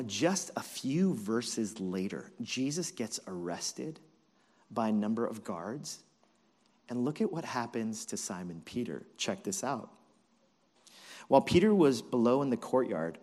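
Animated male pastor preaching. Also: fairly low pitch, unhurried. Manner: animated, conversational storytelling. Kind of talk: sermon.

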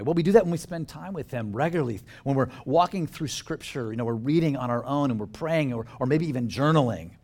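Animated male pastor preaching. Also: on the high side. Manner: conversational and animated, jokes with the congregation. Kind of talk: sermon.

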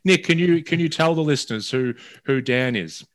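A man's voice: mid-range voice, lively intonation, moderate pace. A man co-hosting a podcast from a video call. He is upbeat and chatty, nudging the conversation along with questions. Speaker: podcast co-host. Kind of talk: casual conversation.

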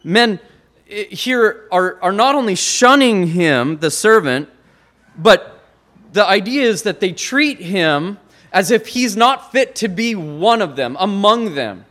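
A man preaching a sermon, building to loud stressed words and then dropping to quiet, low phrases. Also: expressive, slow.

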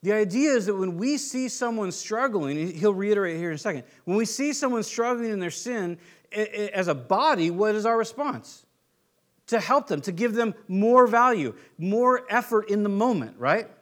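A man preaching a sermon in a conversational way, acting out little everyday scenes with quick playful voices. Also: sits high, animated. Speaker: pastor. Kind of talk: sermon teaching.

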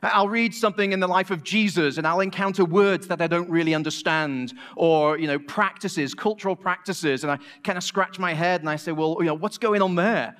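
Brisk and high-pitched, the Manchester-accented middle-aged man barely pauses as he preaches. His tone is fairly bright, and his sermon is conversational and joking, with a few restarts.

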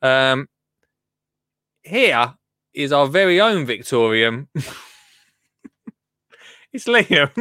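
A man's voice: fairly high pitch, very animated, drawn-out words, long pauses, sharp tone, no room sound, studio quality. A man hosting a casual chat, joking around, laughing often and drifting into little rants. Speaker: podcast host.

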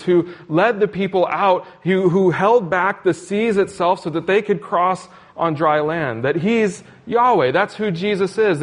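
A man preaching a sermon in an earnest, repetitive cadence, asking questions as he goes. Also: high-pitched. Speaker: pastor.

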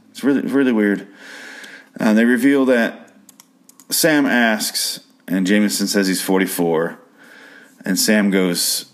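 Low-voiced man ranting through a recap. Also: measured pace, pauses often. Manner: profane, incredulous, rant-prone. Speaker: episode recap host. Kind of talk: casual rambling recap.

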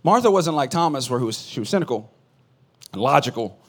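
A man who is a pastor, preaching a sermon in a conversational way, swinging between loud bursts and quiet asides. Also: medium pitch, very animated, brisk, breathy edge.

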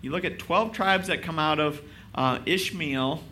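This pastor's voice sits fairly high and comes across bright and forceful, a little slow, over slight background noise. His sermon feels relaxed and chatty, full of jokes at his own expense and rhetorical questions aimed at the congregation.

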